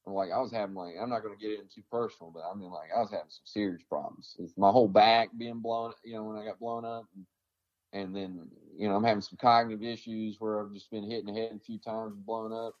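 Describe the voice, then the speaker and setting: A man's voice: fairly low pitch, steady tone, quick pace, a little mellow, lo-fi sound. Blunt, profane male army veteran. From American South. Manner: blunt and profane, rambling with many fillers. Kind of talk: casual interview storytelling.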